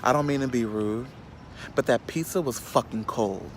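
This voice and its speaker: This vlogger hails from the South Side of Chicago and speaks in a mid-range voice over a little background noise. He rants his way through a casual storytime, sassy and animated, swearing and throwing quick remarks to the audience.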